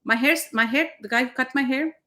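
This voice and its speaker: A woman's voice: high voice, a little fast, a bit bright. A woman spiritual teacher co-hosting a casual talk, emphatic and blunt, swearing freely.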